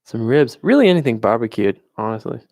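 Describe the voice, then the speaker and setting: A man's voice: medium pitch, very animated, fast, darkish tone, dry recording. A man co-hosting a podcast, easygoing and agreeable while chatting about beer. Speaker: podcast co-host. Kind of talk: casual beer review chat.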